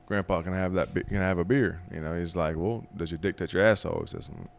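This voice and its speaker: Man, very low pitch, hesitant podcast storyteller, faint background noise. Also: fairly even intonation, fast talker, vocal fry. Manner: rambling, hesitant storyteller with fillers. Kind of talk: casual comedy podcast banter.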